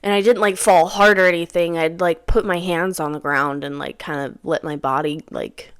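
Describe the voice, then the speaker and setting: A young woman chats through a personal story as a podcast host, looping back over her own phrases. Her voice sits a little low and comes across smooth and clear. The sound is dry and close. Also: steady tone, normal speed, fairly bright tone, dry recording. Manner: rambling, repeats her phrases. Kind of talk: casual storytelling.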